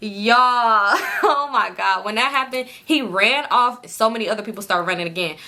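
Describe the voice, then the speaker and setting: A young woman telling a club story in a casual storytime vlog, animated and profane, talking to viewers as y'all. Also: normal speed. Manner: animated, swings into high-pitched quoted voices.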